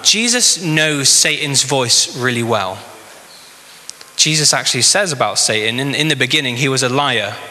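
A man preaching a sermon with a very bright, tense tone. He keeps the listeners engaged with quick rhetorical questions. His voice rings through a hall with a long reverb. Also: medium pitch. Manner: conversational, with rhetorical questions and tag questions. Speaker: pastor.

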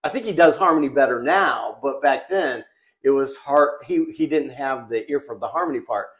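A man co-hosting a family podcast, telling funny stories in a lively, casual way and often cracking up as he talks. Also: medium pitch, normal speed. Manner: animated storyteller who breaks into laughter. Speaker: podcast co-host.

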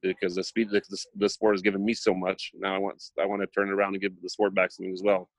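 A man's voice: deep voice, fast talker, dry recording. A man chatting casually, telling anecdotes and acting out the dialogue. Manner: animated storyteller, acts out dialogue. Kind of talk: casual chat.

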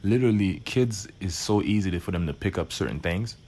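A man's voice: low-pitched, lively intonation, a little fast, a little mellow. A man hosting a casual conversation, encouraging and informal. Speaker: podcast host.

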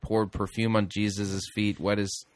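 A man's voice: lowish voice, flat delivery, measured pace, dry recording. A man hosting a program, interrupting a recorded sermon with exasperated, mocking commentary. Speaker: radio host critiquing a sermon. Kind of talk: sarcastic commentary.

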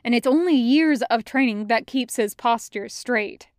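A woman reading a fan fiction story aloud as narrator, in a measured, even way, close to the mic. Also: fairly high pitch, dry recording. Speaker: podfic reader.

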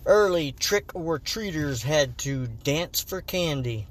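A man co-hosting a podcast, chatting casually and joking around, sometimes breaking into loud goofy voices. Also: fairly high pitch, lively intonation, takes it slowly, slight background noise. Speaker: podcast co-host.

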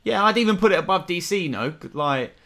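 A young man hosting a podcast, chatting casually and relaxed with plenty of slang. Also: high voice, fast. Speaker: podcast co-host. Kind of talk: casual chat. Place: home, remote call.

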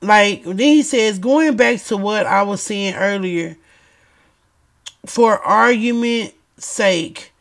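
Speaking slowly at medium pitch, a woman talks informally to her audience and reads passages from a book aloud. Her delivery is emphatic, with repetition and stuttering whenever she gets excited.

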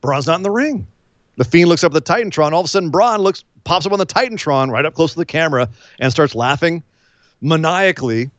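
A man co-hosting a casual wrestling recap chat, telling the story with lively quoted voices. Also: on the high side, fast talker, dry recording, lo-fi sound. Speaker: podcast co-host.

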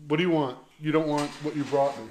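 A man's voice: fairly high pitch, steady tone, quick pace, a little mellow, slight background noise. Teasing man hosting a podcast. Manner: teasing, hesitant, restarts sentences. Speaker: podcast host. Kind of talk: casual chat.

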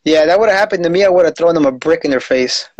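Laid-back man with a higher voice. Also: fast, no room sound. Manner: laid-back, slangy, says "bro" often. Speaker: podcast host. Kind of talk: casual conversation.

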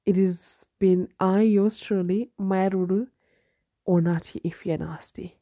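A woman's voice: mid-range voice, steady tone, measured pace, mellow, no echo. A woman from Zimbabwe hosting a solo podcast, chatty and advice-giving with a nasal, congested voice and repeated phrases. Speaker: podcast host.

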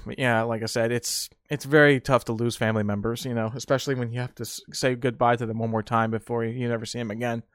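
A man's voice: medium pitch, level tone, fairly quick, clean tone, no room sound, studio quality. A man hosting a solo podcast, telling casual stories and rambling, often repeating and restarting his words. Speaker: podcast host.

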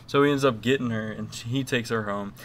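A man's voice: medium pitch, brisk, a little hiss or hum. A young man co-hosting a podcast, rambling through crude, joking stories with lots of fillers. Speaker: podcast co-host. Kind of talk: casual chat.

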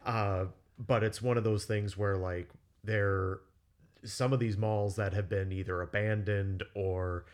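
A man's voice: fairly low pitch, steady tone, unhurried. A man hosting a podcast, asking a guest questions in a loose way with many fillers. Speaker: podcast host. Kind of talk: casual interview.

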